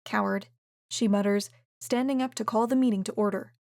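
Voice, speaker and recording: A woman reading a first-person romance audiobook in a steady, even way. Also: on the high side, fairly quick, no echo, studio quality. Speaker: audiobook narrator.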